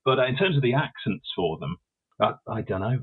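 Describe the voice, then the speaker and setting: A man's voice: medium pitch, big pitch swings, brisk, breathy edge. A man guesting as an author in a casual interview, thinking aloud and stumbling over repeated words. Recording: tinny phone-like line.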